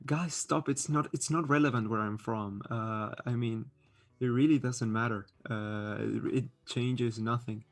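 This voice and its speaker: A man's voice: medium pitch, steady tone, measured pace, faint music behind. Chatty man with a non-native accent. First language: not English. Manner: chatty, hesitant with many fillers and restarts. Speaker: livestream host reading chat. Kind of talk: casual live-stream commentary.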